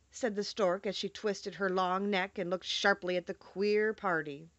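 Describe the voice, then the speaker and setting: A woman narrating a classic children's story in an expressive, animated reading voice. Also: medium pitch, moderate pace, few pauses, dry recording, highs cut off. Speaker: audiobook narrator.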